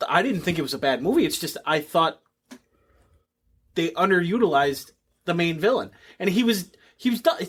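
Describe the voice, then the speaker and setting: A man's voice: fairly high pitch, animated, normal speed, long pauses, a bit bright, breathy edge. A man co-hosting a podcast in casual chat, firing off wry, teasing questions. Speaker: podcast co-host.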